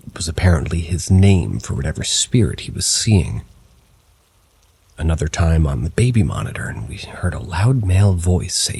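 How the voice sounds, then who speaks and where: A man narrating first-person paranormal stories as scripted narration, in a low, even storytelling tone with a husky voice.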